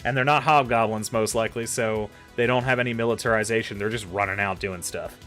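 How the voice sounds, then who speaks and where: A man walks through how to prep a tabletop game session in a loose, rambling way. He curses casually and fills pauses as he types his notes. Faint music plays underneath. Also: fairly low pitch, steady tone, pushed and bright. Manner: loose and profane, swearing casually; thinks aloud, lots of fillers and trailing off. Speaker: dungeon master giving advice. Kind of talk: casual tutorial while typing notes.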